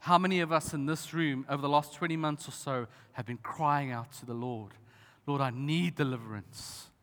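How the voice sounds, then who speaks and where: A man in his thirties, a pastor, preaching a sermon with passion, slowing down for emphasis and swinging from loud to soft. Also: fairly high pitch, steady tone, smooth. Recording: reverberant church hall.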